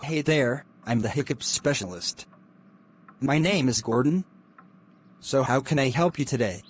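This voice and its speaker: A man's voice: medium pitch, animated, a little slow, a little hiss or hum, lightly acted. Gordon, a man doing a breezy specialist. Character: cheerful self-assured male hiccup specialist.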